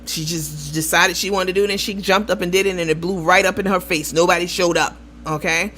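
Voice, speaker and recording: A woman hosting a casual gossip commentary show, talking in a lively, profane way and acting out the voices of the people she quotes. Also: fairly low pitch, fairly quick, hardly any pauses. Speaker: host.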